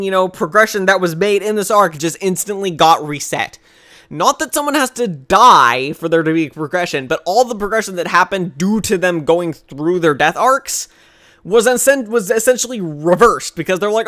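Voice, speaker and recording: A man answering viewer questions in a casual video, ranting in an animated, exasperated way with plenty of swearing. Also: sits high, normal speed. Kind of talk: casual rant to camera.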